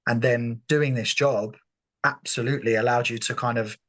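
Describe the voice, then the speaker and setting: A man's voice: mid-range voice, fairly even intonation, normal speed. British man hosting an interview podcast. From United Kingdom. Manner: warm, encouraging, rambling questions. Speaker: podcast host. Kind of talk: conversational interview.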